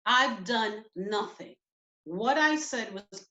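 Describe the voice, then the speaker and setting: A woman telling a painful personal story in an emotional, halting way. Her voice sits on the higher side. The sound rings around an echoey room. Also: very animated, a bit bright. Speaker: speaker at a community event.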